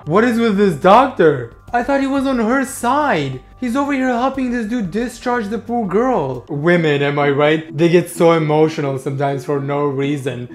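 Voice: medium pitch, lively intonation, normal speed, hardly any pauses, soft background music. A reaction host giving blunt, profane, sarcastic commentary over a clip.

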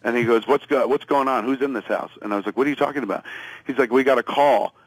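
Calling in as a phone guest, a man from the US East Coast tells a rambling, profane comic story, acting out what the people in it said. His voice is mid-range and fast, and the low-quality recording has no room sound.

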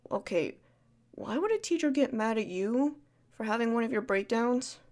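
A woman in a whispered role-play as a caring friend, talking softly and soothingly, repeating comforting words and shushing gently. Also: fairly high pitch, animated, moderate pace. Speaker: ASMR creator playing a caring friend.

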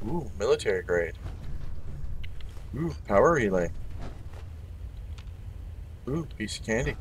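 In this casual let's-play, the host speaks in a lowish, very animated voice, yet slowly and with frequent pauses. He answers the in-game characters and drops wry remarks, with slight background noise in the recording.

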